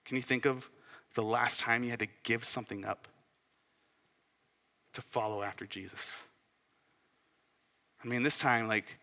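A man preaching a sermon in a relaxed, conversational way, often putting questions to his listeners. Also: fairly low pitch. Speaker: pastor. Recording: long hall reverb.

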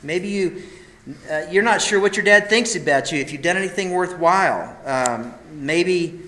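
Male preacher, heartfelt storytelling, goes loud then hushed, roomy live sound. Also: high-pitched, normal speed. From Idaho, USA. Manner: emotional, intimate storytelling that swells and drops. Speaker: speaker at a men's gathering. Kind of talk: sermon storytelling.

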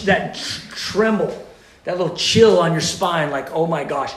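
Passionate preacher man, fairly high voice. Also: a little slow, roomy sound. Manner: passionate, swings from loud urgent pleading to hushed intimate tones. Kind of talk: teaching sermon.

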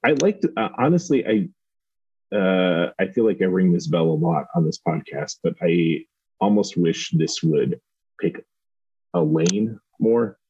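Husky low-voiced man, halting. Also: expressive, mellow, dull audio. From Southern Indiana. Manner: halting, hedging, many restarts. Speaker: podcast co-host. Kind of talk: casual TV review chat.

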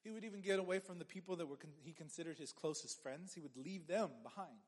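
A man's voice: a little high, fast talker, in a large hall. A man preaching a sermon as a pastor, in a conversational way with joking asides and frequent restarts.

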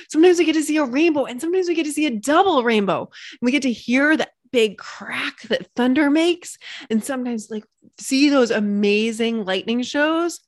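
Woman host, solo podcast, excitable cheerleader energy, lively pitch swings, dry close mic. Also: normal speed, no echo. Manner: bubbly, swings into high squealing cheerleader praise. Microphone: computer mic.

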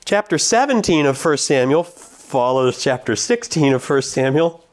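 A man preaching a sermon, reading scripture slowly and with emphasis, then explaining it to the congregation. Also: fairly high pitch, big pitch swings.

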